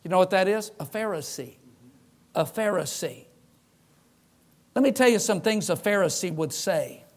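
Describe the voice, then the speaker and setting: A middle-aged man delivers a sermon as a pastor. His voice sits notably high for a man. He tells stories with animation and slips into the voices of the people he quotes. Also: moderate pace. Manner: animated storyteller who acts out quoted voices.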